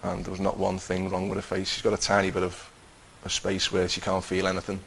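A middle-aged man telling his personal Christian testimony in an earnest, halting way, with many restarts. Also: low voice, monotone, creaky, fairly bright tone, slight background noise, low-quality recording. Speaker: Christian teacher giving testimony.

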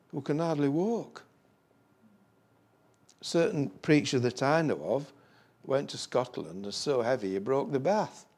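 Male preacher, husky tone, rambling sermon with emphatic bursts. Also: on the high side, darkish tone. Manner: rambling, folksy asides, emphatic rising bursts.

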